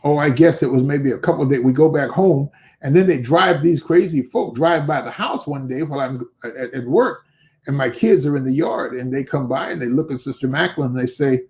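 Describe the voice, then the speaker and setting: A man's voice: medium pitch, a little fast. An older man, a bishop and pastor, telling a story in an interview and acting out the dialogue of the people in it. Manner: animated storyteller who acts out quoted dialogue.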